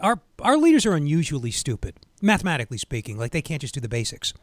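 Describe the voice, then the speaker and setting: A male radio co-host who fires off sardonic wisecracks at a quick clip. His voice sits a bit high and moves around a lot, recorded dry in a studio. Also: sing-song, no room sound. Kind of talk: casual on-air banter. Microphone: studio microphone.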